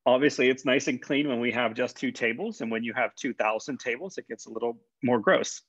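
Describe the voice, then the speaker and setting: A man's voice: medium pitch, a little fast, a bit bright, breathy edge, dry recording. A man, a college instructor, giving a conversational classroom lecture with fillers and repeated words. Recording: dull, dry lecture recording.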